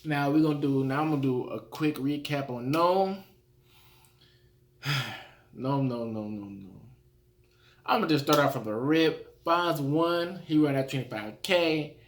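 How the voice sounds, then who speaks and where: A man giving a casual recap of rap battles, talking in an animated way and acting out his own reactions. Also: on the high side, normal speed, pauses often.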